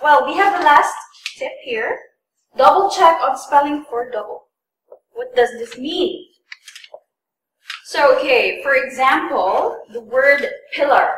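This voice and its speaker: A woman's voice: high-pitched, animated, slow pace, fairly bright tone, a little hiss or hum. A woman tutor giving a classroom lesson, patiently repeating and stressing words for learners. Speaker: English test tutor. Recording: echoey room, voice from a distance.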